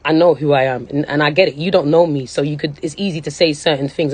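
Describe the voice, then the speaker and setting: A woman's voice: low-pitched, steady tone, fast, darkish tone. A young woman, speaking casually and emphatically on a phone live stream, often checking in with her listeners. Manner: emphatic, keeps repeating "you know what I'm saying". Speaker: livestreamer.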